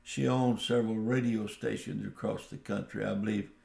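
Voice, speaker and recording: Gravelly male radio preacher, unhurried anecdotal delivery in a roomy space. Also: on the low side, fairly even intonation, a little mellow. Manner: slow, folksy anecdotal telling with quoted dialogue. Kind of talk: radio sermon storytelling.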